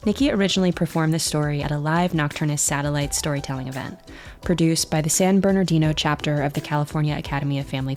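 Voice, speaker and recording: Low, gravelly woman podcast host. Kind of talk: scripted podcast introduction.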